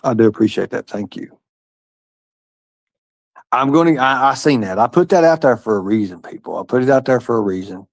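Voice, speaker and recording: A man's voice: medium pitch, animated, brisk, long pauses, dry recording. A man hosting a livestream, reading chat and talking in a rambling, profane, repetitive way. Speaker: livestream host.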